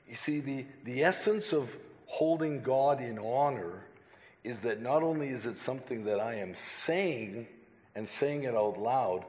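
Man preaching in a reverberant church. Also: mid-range voice. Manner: deliberate, emphatic preaching with rhetorical questions. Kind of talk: sermon. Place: church sanctuary.

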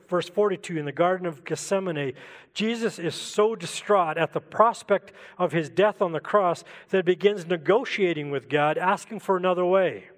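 A man preaching a sermon in a reflective way, asking rhetorical questions and slowing down for emphasis. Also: high-pitched, big-room sound.

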